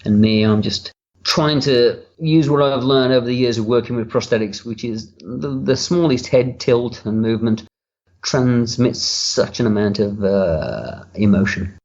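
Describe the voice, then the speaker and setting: A man's voice: mid-range voice, a little slow, darkish tone, dull audio. A man talking candidly and at length as a director's commentary, rambling and cursing casually, recorded at home. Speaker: writer-director giving commentary. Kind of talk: relaxed audio commentary. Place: home room.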